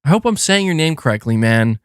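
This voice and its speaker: A man hosting a casual gaming live stream, reading and answering super chats in a chatty, animated way with frequent fillers. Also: a little high, brisk, a little hiss or hum. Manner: chatty and animated, thanks donors, frequent fillers and self-corrections. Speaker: gaming channel host.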